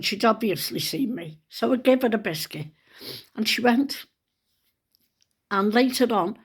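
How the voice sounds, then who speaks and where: An older woman with a Liverpool accent, telling an emotional personal story to camera in a chatty, heartfelt way with local dialect. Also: mid-range voice. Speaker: vlogger.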